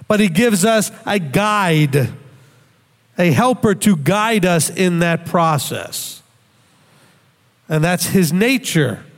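A man's voice: high voice, animated, slow, pauses often, in a large hall. A man giving a Bible study talk in a conversational teaching manner, tossing in rhetorical questions.

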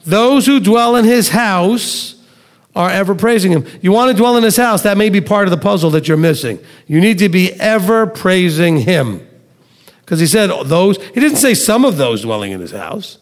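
A man preaching a sermon, teaching conversationally, reading scripture aloud slowly, and asking his listeners questions. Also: high voice, lively intonation, long reverb tail.

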